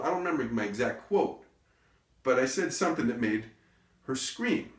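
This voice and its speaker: A comedian rambling through a comic story with self-interruptions and deadpan asides. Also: male voice, medium pitch, normal speed. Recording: echoey room, distant mic.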